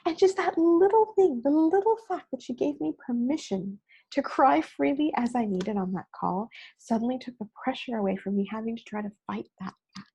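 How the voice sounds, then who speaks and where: Warm, husky woman giving a heartfelt talk. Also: on the high side, normal speed, hardly any pauses. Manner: earnest, conversational, personal, frequent "you know". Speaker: keynote speaker. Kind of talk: motivational talk recorded on video.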